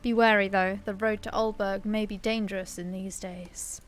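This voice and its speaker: A woman's voice: mid-range voice, little pitch movement, lightly acted. A woman reading as Gandalf, grave old wizard. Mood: solemn. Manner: measured, solemn instruction.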